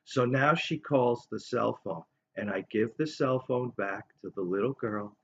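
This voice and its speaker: A man's voice: medium pitch, a little slow, gravelly, fairly bright tone, breathy edge. A man in his fifties telling a long, rambling story in a casual monologue. He acts out other people's voices as he tells it. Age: 50s. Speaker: vlogger. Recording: dull lo-fi recording.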